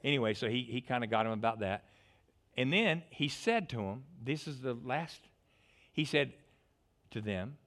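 Guy preaching, pitch jumps all over, stammers and restarts a lot. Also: animated, normal speed, a bit bright. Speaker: pastor. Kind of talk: sermon.

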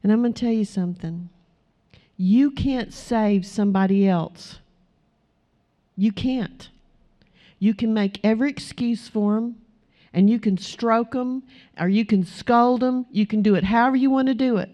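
A woman preaches to her congregation, earnest and pleading. Her voice is mellow and warm, and she now and then acts out a quoted prayer. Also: fairly high pitch, fairly quick. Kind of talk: sermon.

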